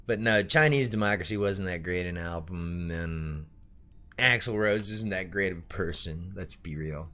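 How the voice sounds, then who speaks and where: A man's voice: sits low, a little slow, bright, forceful tone. A man hosting a stream, chatting casually with jokes and swearing as he rambles about music and games. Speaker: streamer and show host.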